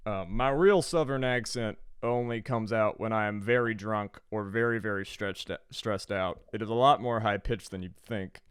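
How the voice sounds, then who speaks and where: A man's voice: fairly low pitch, normal speed, hardly any pauses, clear, resonant tone, no echo, clean studio sound. Sardonic rambling man from Georgia. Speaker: podcast co-host. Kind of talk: casual podcast chat.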